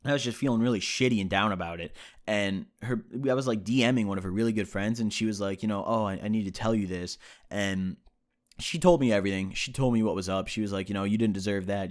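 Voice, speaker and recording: A young American man with a low-pitched voice tells a story about himself to the camera. He is slangy and profane, and he jumps into little acted-out versions of what he said and thought at the time. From United States. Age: young adult. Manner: slangy, profane, animated storyteller acting out his own reactions. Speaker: vlogger.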